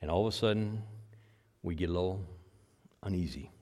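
A man preaching a sermon as pastor, swinging between quiet asides and loud, emphatic repeated phrases. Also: deep voice, fairly quick.

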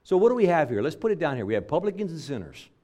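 A man's voice: fairly high pitch, sing-song, rapid-fire, warm tone. A man preaching a sermon, driving points home by repeating phrases. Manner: emphatic preaching with stacked repetitions.

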